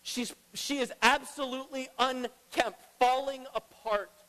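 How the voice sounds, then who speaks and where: Man preaching, high voice, emphatic, swings loud to hushed, long hall reverb. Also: fairly even intonation, unhurried, slight background noise. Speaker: pastor. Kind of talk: sermon.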